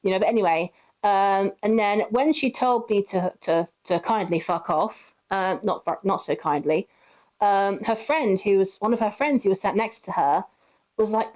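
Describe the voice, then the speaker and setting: A woman's voice: mid-range voice, moderate pace, darkish tone. Woman in her twenties, chatty storytime vlogger; rambling delivery, muffled lo-fi mic. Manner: rambling, with many fillers and acted quotes. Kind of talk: casual storytime monologue. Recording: dull lo-fi recording.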